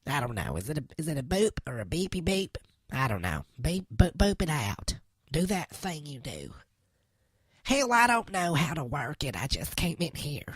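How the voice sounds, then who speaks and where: Husky low church lady all in a fluster, a woman hamming it up, swings up and down a lot. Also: dry recording, studio quality, full character voice. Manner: fumbling, swears then apologizes, scolding. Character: flustered pious church lady, middle-aged, easily riled. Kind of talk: comedy sketch monologue.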